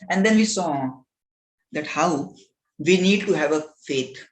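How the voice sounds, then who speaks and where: High-voiced, unhurried male teacher. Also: rough recording. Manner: earnest, repetitive with rhetorical "right?". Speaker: spiritual teacher. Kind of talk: scripture class storytelling.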